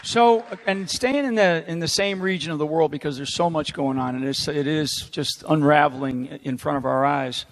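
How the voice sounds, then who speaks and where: A man's voice: on the high side, moderate pace, hardly any pauses, some chatter behind, slight background noise. Male moderator with a hesitant question. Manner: hesitant, wordy lead-in before his question. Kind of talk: town hall question.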